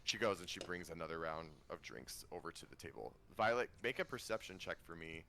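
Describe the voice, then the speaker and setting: A man's voice: sits low, lively intonation, a little fast, gravelly, sharp tone. A man narrating a tabletop game as game master, rambling with ums and restarts.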